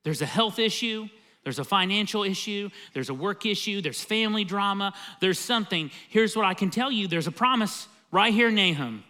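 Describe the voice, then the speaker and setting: Male pastor, high bright voice, emphatic, chatty preaching style. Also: expressive, normal speed. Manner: emphatic and conversational, often opens with "See,". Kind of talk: sermon.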